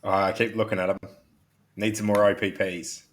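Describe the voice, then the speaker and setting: Lower-voiced dry co-host. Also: male voice, level tone, brisk. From Australia. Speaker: podcast co-host. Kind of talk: casual podcast chat.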